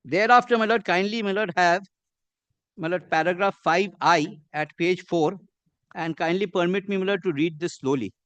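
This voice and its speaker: A man with an Indian English accent, arguing a case before a judge in measured, deferential courtroom speech. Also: high voice, a bit bright, dry recording, muffled recording. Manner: measured and deferential, says "my lord" constantly. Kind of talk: formal courtroom argument.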